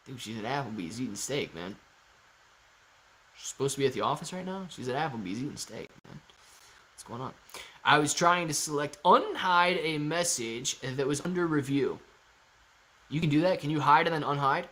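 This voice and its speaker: A man's voice: fairly high pitch, lively intonation, moderate pace, a bit bright. A man hosting a casual livestream, reading viewer comments aloud and answering them in a playful, joking way. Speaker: livestream host.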